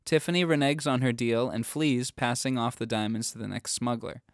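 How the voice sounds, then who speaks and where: A man co-hosting a film podcast in casual chat, reading a plot recap before ribbing his friends with mock offense. His voice is smooth and clean at a middling pitch. The recording is dry and close. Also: steady tone, moderate pace, no echo. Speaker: podcast co-host.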